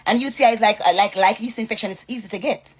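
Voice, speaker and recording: A woman's voice: mid-range voice, quick pace, slight background noise. A woman with a Jamaican accent in a direct-to-camera rant, heated, confrontational and repeating herself. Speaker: social media personality.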